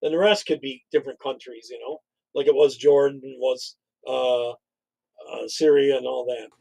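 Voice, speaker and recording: A man's voice: mid-range voice, moderate pace, gravelly, darkish tone, husky, poor audio. A man co-hosting a casual political commentary stream, talking in a blunt, opinionated, conversational way.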